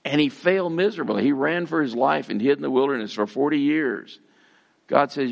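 Slightly dull, muffled audio captures a man preaching at a moderate pace in a mid-range voice with vocal fry. His style is conversational and folksy, full of fillers and homey turns of phrase.

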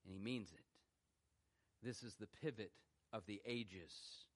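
A man preaching a sermon as a pastor, swinging between loud rhetorical questions and hushed, low emphasis. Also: measured pace. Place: church sanctuary.

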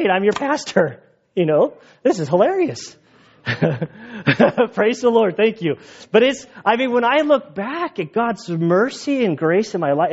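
A man's voice: on the high side, a little mellow. A man in his thirties, a pastor preaching a sermon as a casual personal story, full of fillers like "like" and "I mean". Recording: dull lo-fi sound.

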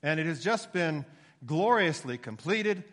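This preacher's voice is fairly high for a man and a little slow. He gives an expository sermon in a steady, explanatory teaching tone that rises emphatically now and then, echoing with long hall reverb.

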